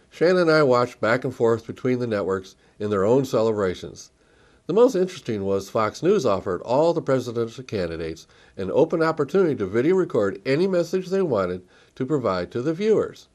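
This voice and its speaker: A man's voice: medium pitch, sing-song, moderate pace, a little mellow. A man hosting a commentary show, presenting and introducing clips in a scripted way.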